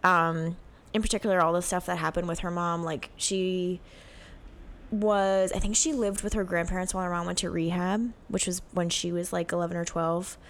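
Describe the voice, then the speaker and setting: A woman's voice: fairly low pitch, level tone, normal speed, a little hiss or hum. A woman in her thirties co-hosting a podcast, chatting and gushing with lots of ums and likes. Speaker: podcast co-host. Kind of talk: casual chat.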